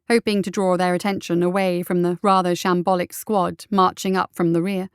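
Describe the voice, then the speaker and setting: Female story reader, smooth and steady, dry close-miked narration. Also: on the low side, moderate pace, few pauses, no room sound. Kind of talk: audiobook narration of fiction.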